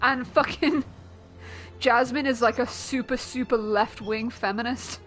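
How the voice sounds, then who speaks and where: A young woman streamer chatting casually while gaming, animated and giggly, swearing freely. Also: on the high side, unhurried, soft background music.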